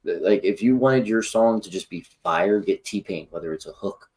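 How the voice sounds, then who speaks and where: Low-voiced, excitable male podcast co-host. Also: normal speed, husky. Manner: excitable, bursts into loud exclamations. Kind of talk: casual sports and music podcast chat.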